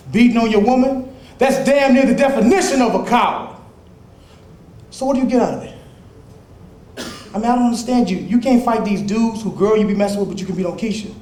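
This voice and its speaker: An actor playing an angry young man who scolds and taunts his abusive best friend, breaking into shouts. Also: high voice. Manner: scolding, mocking, erupts into shouting. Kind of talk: independent film drama acting. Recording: roomy indoor echo with faint ambience.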